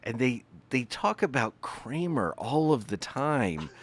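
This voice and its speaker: A man's voice: medium pitch, big pitch swings, slow pace, background noise, pitched above the performer's own voice. A man voicing an indignant adult male TV show host, griping in a huffy, baffled way.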